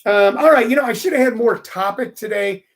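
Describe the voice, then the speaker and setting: A man's voice: very high voice, fairly quick, gravelly. A middle-aged man hosting a loose, rambling live stream, chatting with viewers and greeting them by name. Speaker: host.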